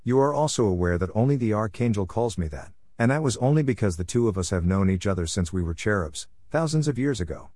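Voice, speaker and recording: A man's voice: lowish voice, lively intonation, fast, few pauses, darkish tone, no echo. A man voicing a pompous, formal male angel of death who talks in a stiff, correct, lecturing way. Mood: stern.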